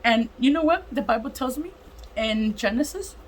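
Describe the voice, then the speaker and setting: A woman with a fairly high voice shares a personal testimony in a casual, emotional way. She gets animated as she acts out the lines of the people in her story. Faint noise sits behind her voice. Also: normal speed, poor audio. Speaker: vlogger sharing a testimony.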